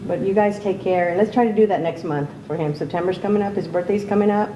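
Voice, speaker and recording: A woman's voice: mid-range voice, quick pace, echoey room, lo-fi sound, background noise. A woman telling a casual story as an aunt speaking at a memorial gathering. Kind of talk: informal memorial tribute.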